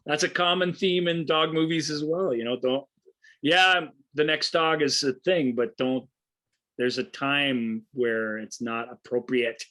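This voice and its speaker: Man, mid-pitched voice, movie podcast co-host, easygoing, joking. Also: steady tone, a little slow, bright, forceful tone. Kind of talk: casual movie discussion.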